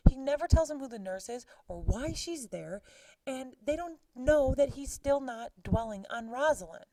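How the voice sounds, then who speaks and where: A woman's voice: sits high, animated, moderate pace, mellow, dry recording, distant mic, low-quality recording. A woman teacher casually retelling a play scene, chatty with exclaimed asides to her students. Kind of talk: casual lesson summarizing a play.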